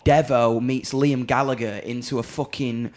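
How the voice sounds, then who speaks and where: Northern English man, podcast guest, dry and foul-mouthed storyteller, mid-pitched. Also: normal speed. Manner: dry, sweary, animated anecdote-telling with acted quotes. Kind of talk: casual storytelling chat.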